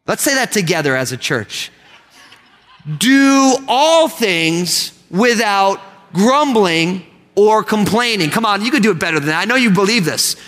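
A man preaching a sermon to his church, animated and leading the congregation in call-and-response. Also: high voice. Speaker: pastor. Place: church sanctuary. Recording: long hall reverb.

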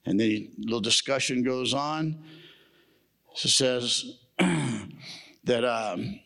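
A man's voice: medium pitch, expressive, slow pace, creaky, a bit bright. A man preaching a sermon at a men's camp, telling stories in a folksy way with humorous asides. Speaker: camp speaker.

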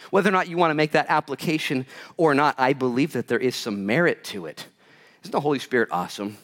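A man preaching a sermon as pastor to a live audience, swinging between loud urgent bursts and hushed quiet lines. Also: mid-range voice.

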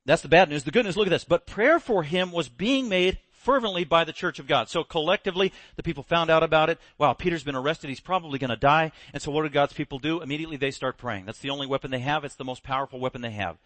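A man's voice: on the high side, fast, few pauses, dry recording. A man preaching a sermon, telling a story with energy and acting out the quoted voices. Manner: animated storyteller, acts out quotes. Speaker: pastor.

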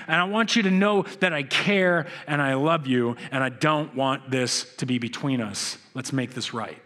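A young adult man preaching a sermon, telling stories and acting out quoted voices with big jumps in pitch. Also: a bit bright. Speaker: pastor. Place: church sanctuary.

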